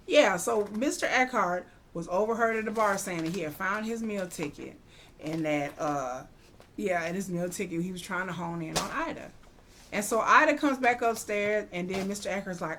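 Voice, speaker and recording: Animated slangy woman recapping TV. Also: medium pitch, normal speed. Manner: animated, slangy retelling with acted-out quotes. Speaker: TV recap vlogger. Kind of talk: casual TV recap.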